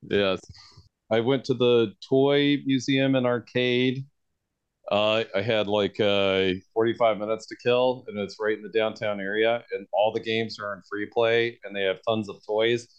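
A man's voice: mid-range voice, steady tone, unhurried, clean tone, dry recording. A laid-back man joking around as a podcast co-host in casual chat. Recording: muffled dull remote audio.

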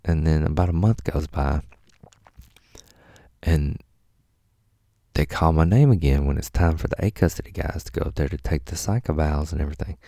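A man tells a rambling, profane story in a casual way and acts out the people in it. His voice is very low and gravelly, with a dark, mellow tone. The recording is close and dry. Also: normal speed, long pauses, dry recording.

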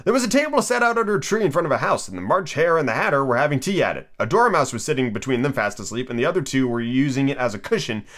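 A man hosting his own podcast and reading a storybook aloud, upbeat and animated. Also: mid-range voice, fast talker, few pauses. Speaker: podcast host and reader.

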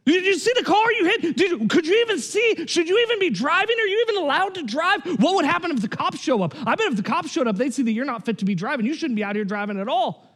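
A man voicing a haughty, short-tempered young man who bullies an old driver with loud threats. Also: extremely high pitch, very animated, in a large hall, pitched above the performer's own voice, exaggerated voice. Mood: furious. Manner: shouting, bullying, rapid threats.

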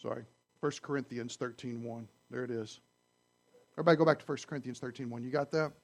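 A man preaching a sermon to his congregation, conversational and animated, often asking the audience questions. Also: medium pitch, fast, gravelly. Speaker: pastor. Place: church sanctuary.

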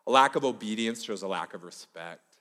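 Animated preacher man in a reverberant hall. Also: lowish voice, brisk. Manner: animated storytelling, acting out quoted voices. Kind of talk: sermon.

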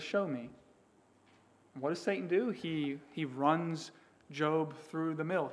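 A man preaching a sermon as pastor, with emphatic delivery, voicing the words of figures in the text. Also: high voice.

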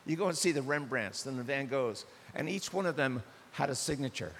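A man's voice: mid-range voice, fairly quick. Older male pastor preaching in a reverberant hall. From United States. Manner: animated, acts out dialogue in shifting voices. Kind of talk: sermon. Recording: long hall reverb with faint hiss.

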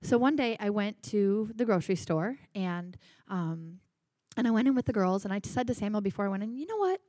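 A woman's voice: medium pitch, a little fast, darkish tone, no echo, clean studio sound. A woman sharing personal stories in church, in a chatty way with many fillers. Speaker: pastor's wife sharing stories. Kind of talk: personal testimony.

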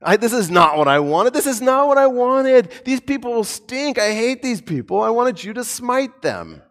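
Guy doing a worked-up whiny prophet, voice jumps up high, all exasperated complaining. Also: wildly swooping pitch, moderate pace, a little mellow. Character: sulking angry male prophet, worked up and whiny. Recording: long hall reverb.

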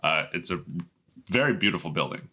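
Joking man from Arkansas, bright voice. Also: deep voice, lively intonation, a little fast, slightly rough. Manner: joking, chimes in with asides. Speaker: podcast co-host. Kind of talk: casual chat.

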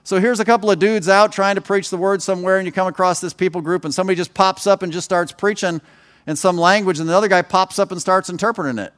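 A man's voice: sits high, fairly even intonation, fast talker, a bit bright. Male pastor preaching in a chatty storytelling way. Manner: conversational storytelling with asides. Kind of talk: sermon.

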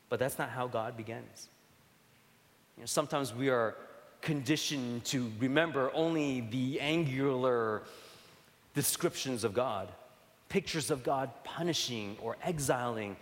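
A man preaching a sermon in a conversational way, asking rhetorical questions and dropping to soft, tender tones. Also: mid-range voice. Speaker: pastor. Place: church sanctuary. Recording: long hall reverb.

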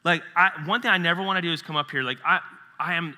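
Bright-voiced casual preacher in a hall. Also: male voice, fairly high pitch, rapid-fire. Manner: conversational, animated, acts out quotes. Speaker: pastor. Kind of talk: casual sermon. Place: church sanctuary.

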